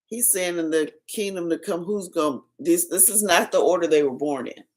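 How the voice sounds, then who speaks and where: A woman in a casual discussion, explaining points in a relaxed way. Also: on the low side, normal speed. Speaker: co-host.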